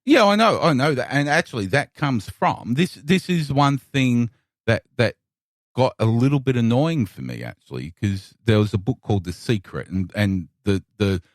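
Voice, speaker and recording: A man's voice: mid-range voice, normal speed, dry recording, studio quality. An Australian man co-hosting a podcast in casual chat, cursing and repeating words as he talks. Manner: animated, swearing, repeats words often. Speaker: podcast co-host. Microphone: podcast microphone.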